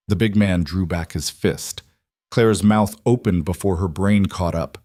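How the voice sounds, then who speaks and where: A man reading a dramatic period romance story as narrator, in a steady storytelling manner. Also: low voice, unhurried, no room sound, clean studio sound. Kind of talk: scripted narration.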